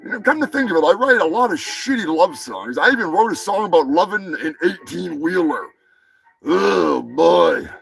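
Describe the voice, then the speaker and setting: A man hosting a live stream, rambling crude jokes and shouting greetings to chatters. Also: sits high, sing-song, normal speed, gravelly, rough recording. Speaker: live show host. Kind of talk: crude casual livestream banter. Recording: music playing behind the voice.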